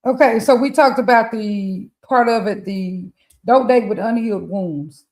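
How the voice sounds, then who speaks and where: A woman's voice: fairly high pitch, a little slow, darkish tone. Woman co-host chiming in. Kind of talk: casual chat.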